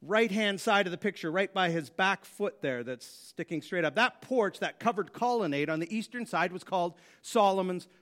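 Guy teaching bible class, pretty high voice, chatty with a bit of dry sarcasm. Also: expressive, normal speed, hardly any pauses, fairly bright tone. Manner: conversational, with dry sarcastic asides. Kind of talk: Bible teaching with scripture reading.

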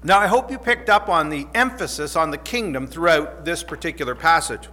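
A man's voice: a little high, brisk, pushed and bright. A man preaching a sermon, reading scripture aloud and then explaining it earnestly, repeating key phrases and sometimes restarting a sentence. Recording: long reverb of a large room.

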